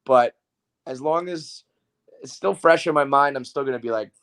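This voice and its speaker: A man hosting a sports podcast, chatting loosely and swearing freely. His voice sits at an ordinary middle pitch, and he gets worked up and excited as he riffs. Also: normal speed. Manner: profane, excitable sports banter. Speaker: podcast host. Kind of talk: casual chat.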